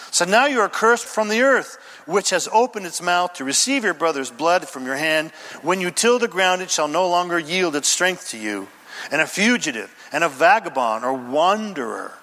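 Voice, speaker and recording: Animated high-voiced male preacher. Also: big-room sound. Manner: animated preaching, acts out quoted lines, calls on the congregation. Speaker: pastor. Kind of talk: sermon.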